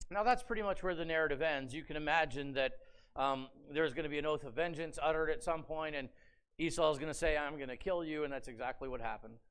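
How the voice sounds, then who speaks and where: Bright-voiced, animated male pastor preaching. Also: on the high side. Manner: animated storyteller, dramatizing scripture with rhetorical questions. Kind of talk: sermon. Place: church sanctuary.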